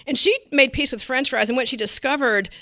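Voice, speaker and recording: A woman's voice: sits high, brisk, bright, forceful tone, dry recording, studio quality. A woman dietitian talking animatedly in an interview, laughing often and acting out what her patients say. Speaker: dietitian guest. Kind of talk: conversational interview.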